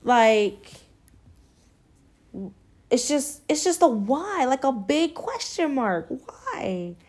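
A young woman sits at her mic for a casual storytime, speaking a little higher than most. She is frank and animated, drops swear words without a second thought, and keeps turning to address the audience directly. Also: takes it slowly. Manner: blunt and expressive, swears freely, talks straight to listeners. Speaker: podcast host.

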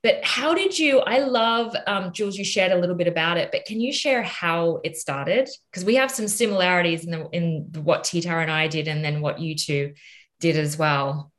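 A woman's voice: lowish voice, normal speed, fairly bright tone. A woman with an Australian accent co-hosting a podcast interview, chatty and enthusiastic, with fillers and restarts. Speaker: podcast co-host.

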